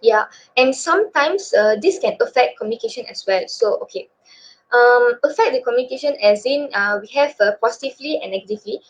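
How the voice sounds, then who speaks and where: Fairly quick and expressive, this high-leaning female voice belongs to a young adult from Malaysia with a Malaysian accent giving an informal webinar presentation as a student. She speaks casually with lots of fillers over dull, lo-fi video-call audio.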